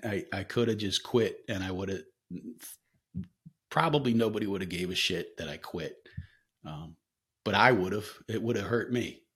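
A man's voice: medium pitch, gravelly, a bit bright. A man hosting a casual solo podcast, talking candidly and rambling with frequent fillers and swearing, coughing now and then. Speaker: podcast host.

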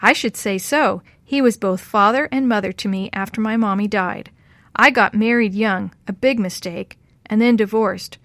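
A woman voicing a lonely, kindly elderly lady in an audiobook, speaking gently and a little slowly. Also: medium pitch, dry recording, natural voice. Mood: wistful. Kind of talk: audiobook character reading.

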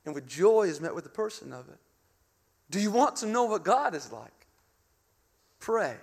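High-voiced preacher in an echoing hall. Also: male voice, big pitch swings, normal speed, vocal fry. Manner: passionate, swings between loud urging and hushed intimacy. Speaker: pastor. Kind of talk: sermon. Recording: long reverb of a large hall.

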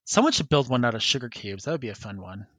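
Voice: medium pitch, lively intonation, fast, fairly bright tone, breathy edge, no echo. A podcast co-host chatting casually, rambling and giggling with many fillers. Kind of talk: casual chat.

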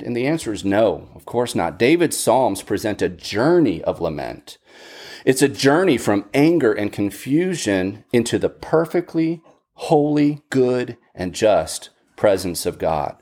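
A man's voice: medium pitch, very animated, unhurried, darkish tone. A man teaching a Bible study lesson in an earnest way, often restarting and repeating words.

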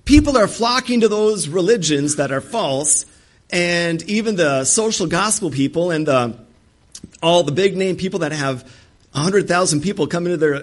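A man preaching an emphatic sermon, acting out the voices he quotes. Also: fairly high pitch. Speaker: pastor.

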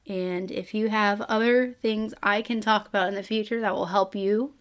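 Woman podcast host, emotional and choked up, earnest motivational monologue, halting with fillers. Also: medium pitch, creaky. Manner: earnest, pep-talk delivery with repeated calls to action; frequent fillers and restarts.

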